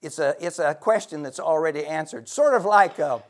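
A man preaching a fervent sermon who swings between hushed, intimate talk and loud shouts, with frequent laughter. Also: on the high side, a little fast.

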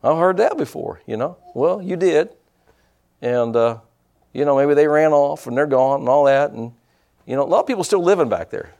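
A middle-aged man preaching a sermon as pastor, in a folksy, blunt manner, voicing people's excuses in quick asides. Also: on the high side, expressive, darkish tone.

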